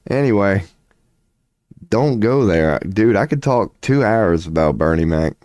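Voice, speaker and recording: A man streaming live, rambling excitably in a casual, profane rant about comedians. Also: fairly low pitch, measured pace, no echo, studio quality. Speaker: streamer offering tarot readings.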